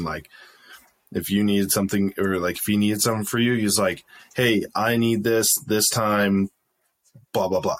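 A man telling a work story in a casual podcast chat, lively and profane, acting out the dialogue. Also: deep voice, slightly rough.

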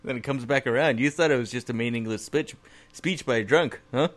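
A man co-hosting a casual podcast, playful and crude, quick to laugh. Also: medium pitch. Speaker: podcast co-host. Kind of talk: casual chat.

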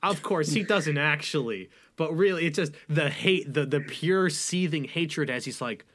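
Animated young man on a podcast. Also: on the high side, normal speed, few pauses. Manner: animated, rambling, mocking impressions. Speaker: podcast co-host. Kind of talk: casual podcast chat.

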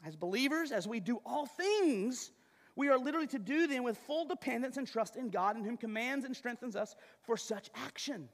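A man's voice: very high voice, animated, normal speed, long reverb tail. A man delivering a sermon as a pastor, in an emphatic, conversational style with asides to the congregation.

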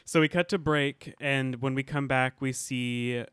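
A man co-hosting a casual podcast with a bright, crisp voice and a close, dry sound. He chats loosely through an episode recap, full of fillers and quick to laugh. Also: mid-range voice, steady tone, no echo. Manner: laughs often, loose and chatty with many fillers. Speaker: podcast co-host.

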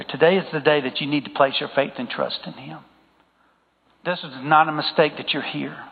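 A man's voice: on the high side, vocal fry. A male pastor preaching a sermon and calling out to the congregation. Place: church sanctuary. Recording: tinny phone-like sound with long hall reverb.

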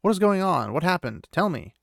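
A man's voice: sits high, very animated, brisk, creaky, a bit bright, no room sound, studio quality, pitched above the performer's own voice, full character voice. A man voicing an anxious, impatient young male villager who presses with urgent questions, in a retold fantasy story.

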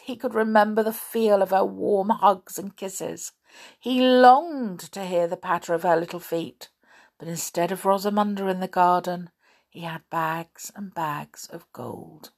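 Expressive woman reading a storybook aloud. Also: on the low side. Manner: expressive, gently emotive.

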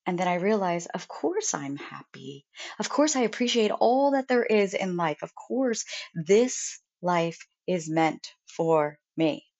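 A young woman, a mother, talking earnestly and deliberately about gratitude in a reflective self-help monologue. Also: fairly low pitch, animated, darkish tone. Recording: dull lo-fi sound.

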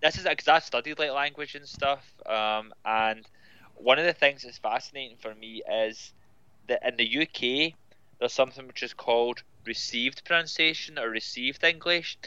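Bright-voiced Scottish man, chatty guest. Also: medium pitch, moderate pace, clear, resonant tone, no room sound, lo-fi sound. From Scotland. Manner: chatty, lots of "like" fillers. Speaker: comic book writer, guest. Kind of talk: casual podcast interview.

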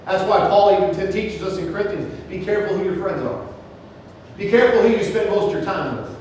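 A middle-aged male pastor preaching a sermon, earnest, slowing down for scripture quotes. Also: sits high, darkish tone, a little hiss or hum. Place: church sanctuary. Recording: echoey hall, mic in room.

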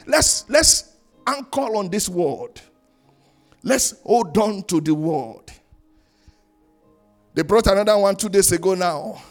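A high-voiced man delivers a church sermon with emphatic preaching. He rises into loud, sung-out phrases and drops to low, quiet asides. Faint music sits behind him. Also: expressive, takes it slowly, long pauses. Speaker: pastor. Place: church in Canada.

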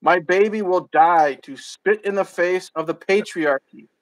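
A man's voice: high-pitched, a little slow, no room sound, poor audio. A man voicing a self-righteous, defiant young woman in a crude comedy story he reads aloud.

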